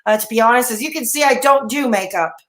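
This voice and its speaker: A woman's voice: a little high, fast talker, fairly bright tone, roomy sound. A woman hosting a casual live stream, chatting and answering viewer comments with many fillers and restarts, while she has the hiccups. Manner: rambling, frequent fillers and restarts.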